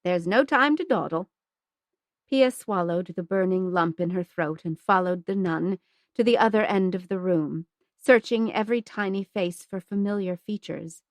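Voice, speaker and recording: A woman narrating a historical novel as an audiobook in a measured, steady reading. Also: lowish voice, no room sound, clean studio sound. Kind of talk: scripted narration.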